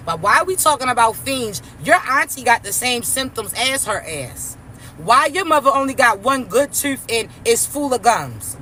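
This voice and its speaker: A young woman delivers a brash, mocking rant full of profanity, like a vlog talking straight to her viewers. Her voice sits high and bright and sharp. Faint traffic noise hums in the background. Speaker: spiritual vlogger. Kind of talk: casual rant to camera.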